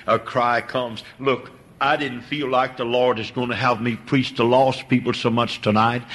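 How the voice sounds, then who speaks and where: This is an older man preaching a sermon in a bright, forceful voice. He drops to a near hush, then climbs to high, impassioned cries. He repeats himself and stumbles over restarts as he goes. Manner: repeats words and stammers on restarts.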